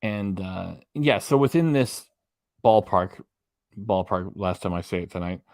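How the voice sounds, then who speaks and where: A man's voice: deep voice, lively intonation, measured pace, a little mellow, dry recording, studio quality. A man hosting a reaction channel, giving rambling, mocking casual commentary on a clip. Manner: mocking, rambling, loses his train of thought.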